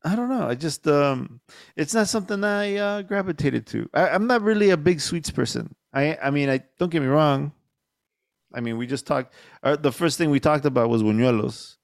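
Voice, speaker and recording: A middle-aged man hosting a casual podcast, telling animated, profane stories. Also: on the high side, normal speed, gravelly, no echo, clean studio sound. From Mexican-American. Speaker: podcast host. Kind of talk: casual chat.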